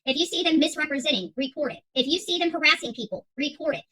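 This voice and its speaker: A woman's voice: high-pitched, fast, pushed and bright, low-quality recording. A woman hosting her own channel, talking straight to viewers in a heated, defiant monologue, with many fillers and repeated words. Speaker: YouTube channel host.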